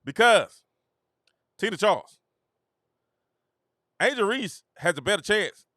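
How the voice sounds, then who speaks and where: Excitable high-voiced man ranting about sports. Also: takes it slowly. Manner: excitable, shouts and laughs, talks to viewers as y'all. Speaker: sports reaction host. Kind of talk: animated sports reaction rant.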